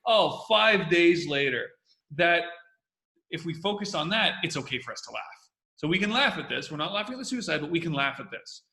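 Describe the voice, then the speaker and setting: Male host, energetic, bright edge, echoey room, repeats himself to drive points home. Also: fairly high pitch, brisk, creaky. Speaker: host analyzing comedy. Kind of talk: casual video commentary.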